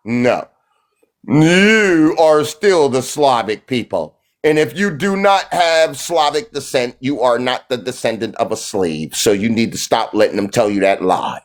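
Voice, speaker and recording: A man's voice: fairly high pitch, animated, unhurried. A man hosting a live stream, arguing in a confrontational, mocking way and repeating his phrases. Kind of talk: heated live-stream argument.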